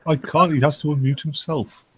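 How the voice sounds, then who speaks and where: A man chatting casually over a stream, making wry, sarcastic jokes, on a voice-chat mic with loud noise. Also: on the high side, fairly even intonation, fairly quick, crowd noise.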